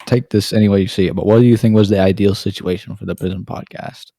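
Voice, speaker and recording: A man's voice: fairly low pitch, fairly even intonation, fast talker, gravelly, mellow. A young man hosting a casual podcast chat with friends, rambling, stuttering and swearing a lot. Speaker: podcast host.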